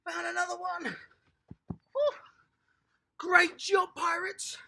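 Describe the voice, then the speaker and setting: A children's tennis coach, giving a lively, encouraging home lesson and praising the young players outdoors in a garden. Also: extremely high pitch, takes it slowly, vocal fry, a little hiss or hum.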